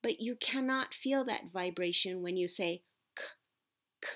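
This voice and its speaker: A woman teaching Japanese pronunciation in a patient, deliberate classroom manner, modelling sounds for her students. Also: lowish voice, a bit bright. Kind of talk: classroom-style lesson.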